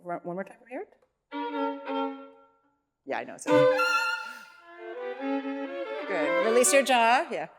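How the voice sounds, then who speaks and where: A woman's voice: a little high, very animated, a little slow, pauses often, over loud music. A woman teaching a violin masterclass in a recital hall, giving short encouraging cues while a student plays and humming phrases to show how they should go. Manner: encouraging, repeats praise. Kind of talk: masterclass coaching over live playing. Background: violin playing.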